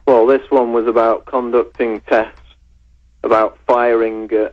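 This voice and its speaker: A man reporting on a radio show over the phone, speaking in a level, measured way while reading out details. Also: medium pitch, flat delivery. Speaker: researcher and writer on air. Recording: tinny phone line.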